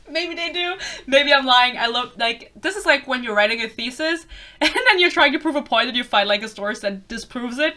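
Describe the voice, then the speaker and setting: Young woman reviewer, bright and slightly high-pitched, sarcastic and blunt, swears and laughs a lot, casual rant style. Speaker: book reviewer.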